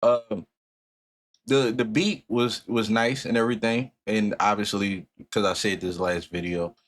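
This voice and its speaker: A man's voice: on the low side, steady tone, unhurried, fairly bright tone. A man hosting a music reaction, tipsy, chatting casually, rambling and repeating himself, with announcer-style greetings. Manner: rambling, repeats and restarts phrases, loose slang.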